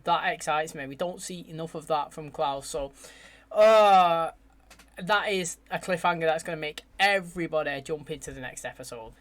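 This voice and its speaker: A young man from England hosts a TV reaction, chatting casually and animatedly about an episode and saying "mate" a lot. His voice is on the high side, at a normal speed, with an English accent.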